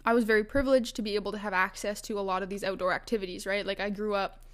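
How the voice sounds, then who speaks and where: A woman's voice: mid-range voice, steady tone, very fast. A young woman from Vancouver Island in Canada hosting a casual solo podcast, chatty and self-mocking, often laughing and restarting her sentences. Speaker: podcast host.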